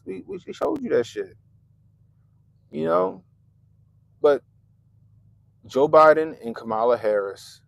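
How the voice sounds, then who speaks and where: Man, gravelly voice, profane commentary rant, mocking, loud outbursts. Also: mid-range voice, no room sound. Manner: animated, profane, mocking, with sudden loud jumps and muttered asides. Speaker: commentary channel host.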